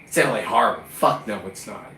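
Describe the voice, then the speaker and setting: A California lobster fisherman with a lowish voice, normal speed, and bright, forceful tone delivers a combative, profane vlog rant, scolding the lobsters he caught. The monologue is recorded roomy on a distant mic with faint ambient noise.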